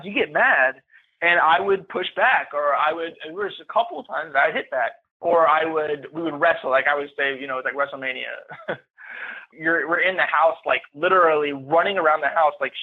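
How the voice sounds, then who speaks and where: Guy telling his story kinda halting and raw, sounds like a phone line. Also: fairly high pitch. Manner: candid, halting and emotional. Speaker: podcast guest. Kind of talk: personal account of domestic abuse.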